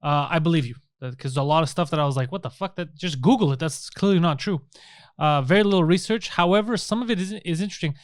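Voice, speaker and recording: A man's voice: fairly high pitch, fast talker, no echo, studio quality. A young man co-hosting a casual comedy podcast, profane and mocking, acting out quotes. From Canada. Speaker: podcast co-host.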